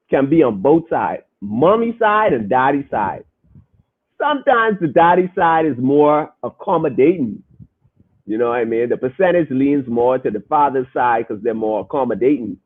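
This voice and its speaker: A man's voice: on the high side, big pitch swings, moderate pace, narrow, tinny audio. A man hosting a podcast, preaching emphatically and repeating his points as he reads comments from the chat.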